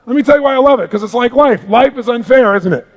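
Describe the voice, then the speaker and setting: This lo-fi recording captures a middle-aged man giving a live motivational seminar to a large hall audience. The motivational speaker talks at a quick clip, booming and energetic, dropping into hushed asides before rising to shouts.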